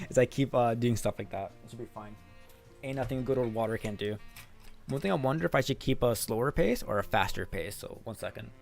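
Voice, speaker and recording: A man's voice: mid-range voice, a little fast, vocal fry, soft background music. Laid-back streamer guy, laughs a lot. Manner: laid-back, laughs often, swears, says "dog" and "man". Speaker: streamer reading chat and translating manga. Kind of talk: casual live-stream chat.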